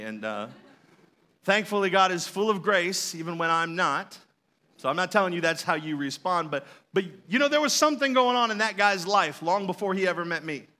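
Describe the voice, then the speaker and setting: Brief: male pastor, high bright voice, chatty storytelling sermon with playful asides. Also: expressive, normal speed.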